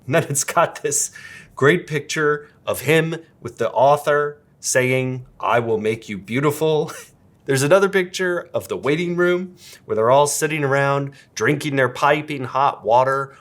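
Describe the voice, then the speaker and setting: A man's voice: on the high side, fairly bright tone. A man hosting a casual explainer video, chatting wryly with amused asides while demonstrating a kitchen gadget. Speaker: video essay host. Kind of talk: casual explainer with cooking demo.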